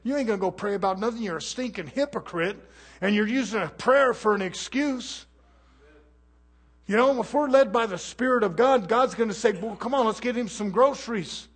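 A man preaching a fiery, scolding sermon, swinging from loud exhortation to low, muttered asides. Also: moderate pace, slightly rough.

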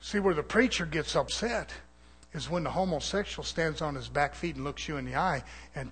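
Fiery high-voiced preacher man. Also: moderate pace, background noise. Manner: forceful preaching, swinging between loud peaks and low asides. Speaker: pastor. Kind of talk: fiery sermon. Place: church.

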